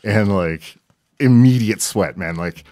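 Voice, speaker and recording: Low-voiced laid-back male co-host. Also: slow pace, a little mellow, dry recording. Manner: laid-back, rambling, tags lines with "man". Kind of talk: casual chat.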